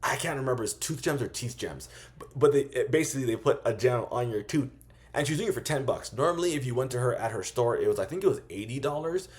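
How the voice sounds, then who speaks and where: A man coaching small vendors in a loose, profane style, acting out quick sales pitches as he goes. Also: expressive. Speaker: business coach. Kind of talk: casual instructional monologue.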